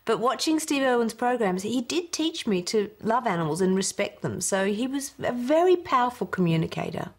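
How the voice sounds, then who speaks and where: A woman's voice: on the high side, very animated, moderate pace, few pauses. A woman with an Australian accent giving wry, joking interview comments.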